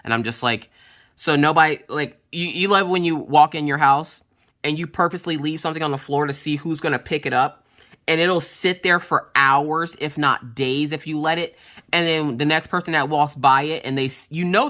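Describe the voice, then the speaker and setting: A woman vlogger chatting casually while crafting, telling stories from home in an animated, blunt way and acting out what people said. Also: sits low. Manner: animated, acts out quoted voices. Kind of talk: casual storytelling chat.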